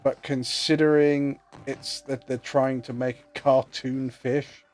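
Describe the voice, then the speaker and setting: A man's voice: medium pitch, level tone, slow, a little mellow, soft background music. A man chatting casually and joking with friends while streaming a video game, muttering to himself as he plays. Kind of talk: casual gaming livestream chat.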